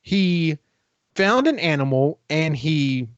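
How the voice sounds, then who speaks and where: A man with a fairly high voice talks through a book's plot in a casual chat, slipping into quick character quotes as he goes. The recording is dry and a little muffled, with a lo-fi edge. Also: no echo. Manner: animated storytelling, acts out quotes. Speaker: podcast host. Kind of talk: casual book discussion.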